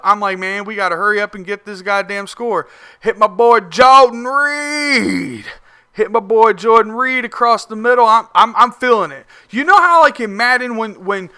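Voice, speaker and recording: A man's voice: high voice, clean tone. A man commentating on his own video game match in a casual voice-over, cursing often and restarting his sentences as he talks. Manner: profane, competitive, excitable, repeats words when restarting.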